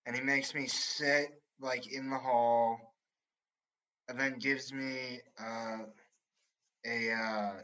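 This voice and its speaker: Bright-voiced man telling a rambling story. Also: mid-range voice, flat delivery, slow, pauses often, poor audio. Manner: rambling, swears a lot, laughs through stories. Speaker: storyteller co-host. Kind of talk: casual chat.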